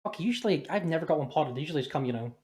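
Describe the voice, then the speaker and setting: Rambling, jokey podcast host. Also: male voice, a little high, expressive, very fast, darkish tone. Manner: rambling, jokey, swears freely. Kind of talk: casual podcast chat.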